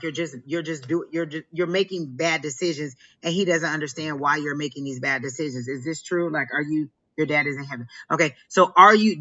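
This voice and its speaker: A woman's voice: sits low, pushed and bright, highs cut off. A woman co-hosting a live stream and giving a psychic reading, talking in a rambling way with many "like"s. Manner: rambling, heavy use of "like". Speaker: psychic reader and co-host.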